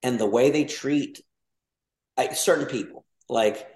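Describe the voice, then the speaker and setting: A man from Mexico talking in a relaxed podcast chat, midrange in pitch. He rambles, doubles back on his words and leans on fillers. The room around him rings with a noticeable echo. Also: unhurried. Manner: rambling, many restarts and fillers. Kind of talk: casual podcast conversation. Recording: roomy echo.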